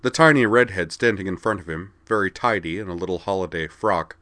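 Deep-voiced man reading a story. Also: fairly quick, pushed and bright, no echo. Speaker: narrator.

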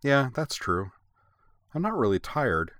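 A cheerful, chatty teenage girl, as a man reading the tale puts her on. Her voice is a bit higher than the deep narrator's, with a bright edge. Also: sing-song, no room sound, clean studio sound. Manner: bubbly, quick.

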